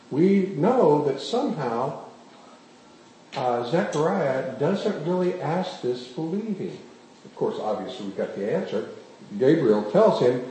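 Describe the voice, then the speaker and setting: A man preaching a sermon as pastor, often putting questions to the congregation as he tells the stories. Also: on the high side. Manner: questions the congregation, animated storytelling. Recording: very echoey room, faint background noise.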